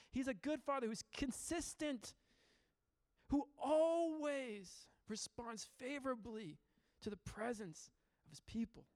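A man's voice: very high-pitched, no echo, clean studio sound. Earnest man preaching casually. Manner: earnest and informal, with frequent restarts and fillers. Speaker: pastor. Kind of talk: conversational sermon.

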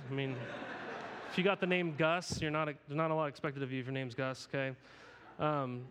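A man in his thirties preaching in a loose, conversational way, with a voice a little higher than most men's. He keeps checking in with his listeners through quick rhetorical questions. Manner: conversational, animated, asks the audience rhetorical questions. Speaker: pastor. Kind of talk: sermon teaching.

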